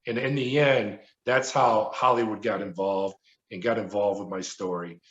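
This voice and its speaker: A middle-aged man, a former prison guard, recounting his experiences as a podcast guest in an animated storytelling manner. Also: lowish voice, normal speed. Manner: animated storyteller who acts out quoted voices. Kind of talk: storytelling interview. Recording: roomy, dull remote audio.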